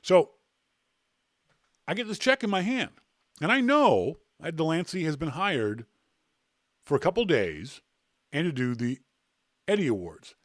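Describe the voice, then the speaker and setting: A man hosting a podcast, telling a self-deprecating anecdote in a casual, animated way. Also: a little high, a little slow, long pauses, no room sound, studio quality. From Canada. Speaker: podcast host. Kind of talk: casual storytelling.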